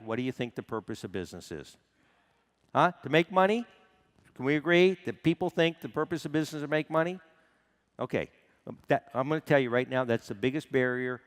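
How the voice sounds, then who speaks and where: A middle-aged man giving an on-stage seminar talk, telling stories animatedly and acting out phone calls in different voices. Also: medium pitch. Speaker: seminar speaker. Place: large hall on stage. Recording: long hall reverb.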